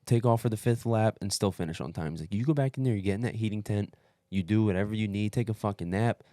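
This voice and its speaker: Telling the story of his race on a laid-back podcast, this co-host talks at a quick pace in a fairly low voice. He curses freely, drops "dude" and "bro" constantly, and performs what others said. Dry recording, clean studio sound.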